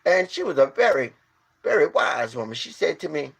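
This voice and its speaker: A man's voice: sing-song, moderate pace, vocal fry, breathy edge. A man telling a story and preaching informally. He talks emphatically, repeats his rhetorical questions, and stumbles over restarts. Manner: storytelling, swinging from low to loud.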